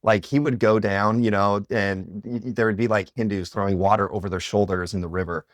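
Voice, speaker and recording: A man in his thirties, a podcast guest, telling personal stories in an animated, conversational way, full of "like" and "you know". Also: on the low side, fairly quick, no echo, clean studio sound. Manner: animated, filler-heavy, with lots of "like" and "you know".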